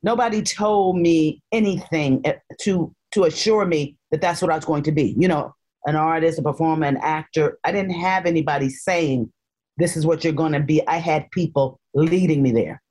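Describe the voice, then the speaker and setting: Older woman on a call, lowish voice, playful animated storyteller. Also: moderate pace. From North Carolina, raised in Harlem. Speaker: guest. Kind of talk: casual chat.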